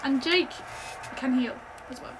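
Brief: female player in a tabletop game, high-pitched and chatty, noisy home recording. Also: unhurried. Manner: chatty, plans aloud. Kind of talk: casual chat during a tabletop game.

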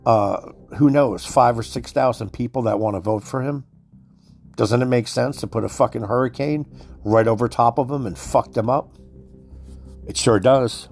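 A man's voice: mid-range voice, moderate pace, gravelly, a little mellow, faint music behind. Worked-up man ranting, profane. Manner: heated, profane, repeats "folks". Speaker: commentator. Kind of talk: profane conspiracy rant.

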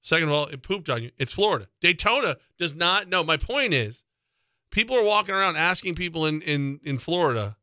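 A man's voice: on the high side, animated, a little fast, pushed and bright, no room sound. A middle-aged man hosting radio sports talk, rambling and interrupting himself as he tells stories at a studio mic. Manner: rambling, self-interrupting storyteller.

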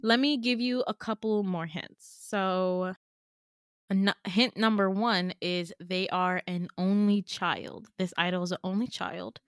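Young woman podcaster rambling thru a dream story, lots of likes n swears, mid pitch, dead dry room. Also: fairly even intonation, a little slow, no echo. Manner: chatty, swears, lots of "like" fillers, self-mocking laughs. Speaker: podcast host. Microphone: home podcast mic.

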